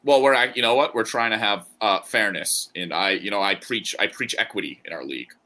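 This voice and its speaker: A man's voice: fairly low pitch, brisk, pushed and bright. A man co-hosting a podcast, chatting casually and joking as he rambles through his thoughts. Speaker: podcast co-host. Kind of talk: casual chat.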